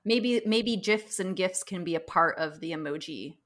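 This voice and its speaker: A woman's voice: lowish voice, moderate pace, a bit bright. Woman explaining points in casual chat. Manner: explanatory, ends points with "right?". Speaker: podcast co-host.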